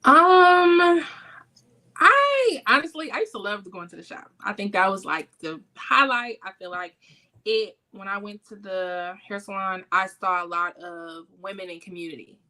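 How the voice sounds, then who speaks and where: Young woman, twenties, interview guest, bright tone, relaxed, reflective, lots of fillers. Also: medium pitch, measured pace. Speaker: guest, business owner. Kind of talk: casual interview.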